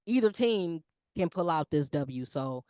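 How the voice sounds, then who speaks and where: Woman, sports talk co-host, lively and slangy, dry close sound. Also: low voice, unhurried, clean tone, no echo. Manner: animated, slangy, lively talk about basketball. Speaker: podcast co-host. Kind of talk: casual sports chat.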